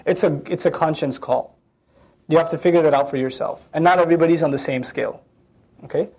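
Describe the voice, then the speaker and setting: A man from Pakistan giving an Islamic sermon, telling stories, acting out quoted people and reciting Arabic verses quickly. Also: fairly high pitch, a little mellow. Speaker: Islamic preacher.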